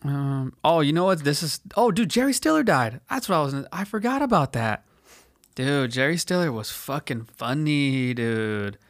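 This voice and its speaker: A man's voice: medium pitch, expressive, moderate pace, dry recording. Profane rambling young man with a dry sound. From California. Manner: profane, rambling, says dude constantly. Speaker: podcast host. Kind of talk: casual solo podcast rant.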